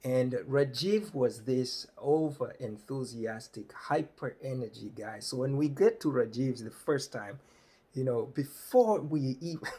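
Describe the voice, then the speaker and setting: A man from Kenya telling a comic story on stage in a husky, mid-pitched voice. He tells it with energy and acts out the people in it. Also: measured pace, dark tone. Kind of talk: stand-up storytelling.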